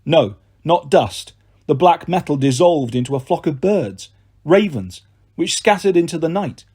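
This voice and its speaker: Male audiobook narrator, lively pitch, husky tone, slightly high. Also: a little slow. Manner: expressive storytelling.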